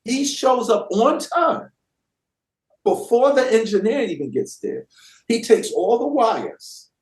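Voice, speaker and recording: A man's voice: very high voice, sing-song, takes it slowly. A man in his fifties, a guest rapper, telling a story with lots of slang and acting out the voices of the people he quotes. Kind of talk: animated storytelling anecdote. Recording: roomy echoey sound.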